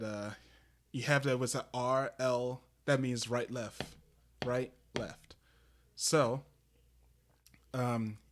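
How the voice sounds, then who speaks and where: A man giving a casual live-stream drum lesson, explaining step by step with many fillers and restarts. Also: medium pitch. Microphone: desk microphone that peaks on loud drum hits.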